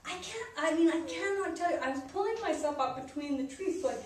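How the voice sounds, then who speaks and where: Lively high-voiced woman telling a story. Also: fast. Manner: laughs often while telling a story. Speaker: psychiatrist guest. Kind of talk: animated personal storytelling. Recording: echoey room from a distant mic with background noise.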